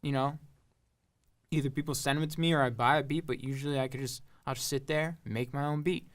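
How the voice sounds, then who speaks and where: A man's voice: medium pitch, fairly even intonation, a little fast. A young man from Long Island talking as a rapper and producer in a casual interview, rambling with lots of fillers and swearing. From Long Island, New York.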